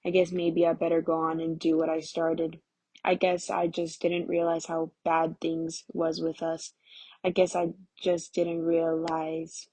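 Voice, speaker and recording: A woman's voice: sits low, monotone, measured pace, a little mellow, no echo. A woman reading the part of a tired young wife, pleading and resigned. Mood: weary.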